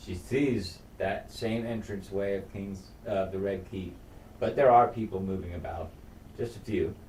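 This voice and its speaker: Deep, mellow man recapping a show, swearing freely. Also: normal speed. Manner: profane, animated episode recap. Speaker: podcast co-host. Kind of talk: casual chat. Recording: roomy room, far from mic, faint noise.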